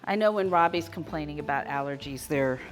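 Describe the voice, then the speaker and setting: A woman's voice: low voice, brisk, soft background music. A woman hosting a live cooking demonstration from her kitchen, chatting with her viewers as she cooks. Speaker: cooking show host. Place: home kitchen.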